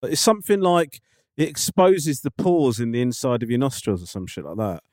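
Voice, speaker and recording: A man's voice: mid-range voice, brisk, darkish tone, no room sound, clean studio sound. A man in casual podcast banter, sweary and teasing, telling stories with animation.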